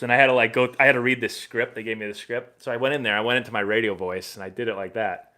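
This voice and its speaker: Easygoing guy in his 30s, chatting through viewer questions on a live stream, mid pitch. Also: quick pace. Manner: relaxed, chatty, reads viewer questions aloud. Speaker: livestream host and former pro baseball player. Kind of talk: casual live Q&A chat.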